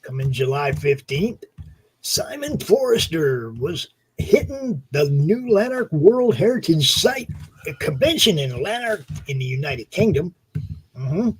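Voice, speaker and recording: A man's voice: high-pitched, sing-song, measured pace, breathy edge, low-quality recording. A man co-hosting a casual livestream chat, rambling and offhand and swearing casually as he looks over new comics. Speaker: co-host.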